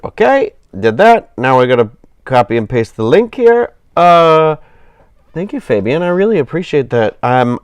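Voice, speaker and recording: A man's voice: on the high side, dry recording. Stuffy-nosed man chatting on a stream. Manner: rambling, apologetic, self-deprecating. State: stuffed up with a cold. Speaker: live streamer. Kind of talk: casual live-stream chat while gaming.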